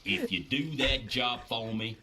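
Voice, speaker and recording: A man's voice: mid-range voice, expressive, a little slow, very noisy, natural voice. A man voicing a drawling shipyard owner with a put-on Southern accent. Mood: smug. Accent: forced American Southern. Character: male shipyard workshop owner, smug, guarded. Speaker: game character. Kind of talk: video game voice acting.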